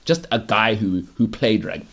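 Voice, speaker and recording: Husky South African man, teasing and emphatic. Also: on the low side, expressive, moderate pace, a bit bright. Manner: teasing and emphatic, repeats punchlines. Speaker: podcast host. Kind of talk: opinionated monologue.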